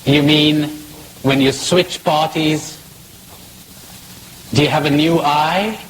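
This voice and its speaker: A man's voice: on the high side, fairly even intonation, slow pace, slight background noise, poor audio. A man giving a spiritual talk in a playful, questioning way, mixing jokes with reflection. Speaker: spiritual speaker.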